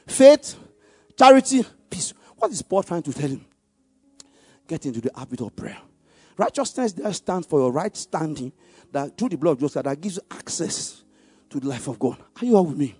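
A man preaching, leading the congregation in call-and-response and rising to loud exclamations on key words. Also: high voice, husky, dry recording. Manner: animated call-and-response, leads the congregation to repeat verses. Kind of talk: sermon.

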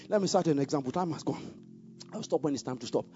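A man preaching a sermon, swinging from low musing asides to loud, fervent exhortation, and laughing often. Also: lively intonation, fast talker, lo-fi sound, faint music behind.

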